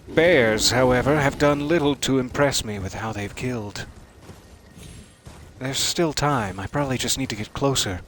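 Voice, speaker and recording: A man's voice: medium pitch, moderate pace, a little hiss or hum. A man giving live gameplay commentary, wry and musing, chatting to the enemies he fights. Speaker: streamer playing a video game.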